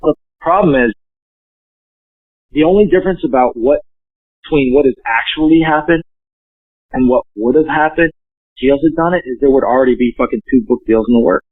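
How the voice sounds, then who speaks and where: A man talking as a podcast guest in casual chat, joking and cursing as he tells stories in a lively way. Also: mid-range voice, a little fast, pauses often, breathy edge, no room sound. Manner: profane, joking, animated storyteller. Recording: tinny dry phone line.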